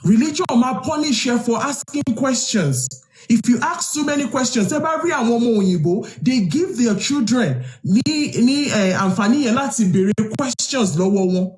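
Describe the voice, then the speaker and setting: A woman's voice: a little high, animated, a little fast, darkish tone. Passionate Yoruba woman, echoey room. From Yoruba southwest Nigeria. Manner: rhetorical questions, switching between Yoruba and English. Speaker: live stream host. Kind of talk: impassioned live stream monologue.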